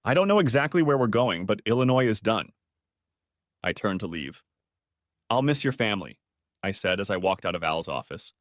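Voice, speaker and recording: A man's voice: lowish voice, expressive, a little fast, no room sound, clean studio sound. A man narrating a first-person story as an audiobook narrator.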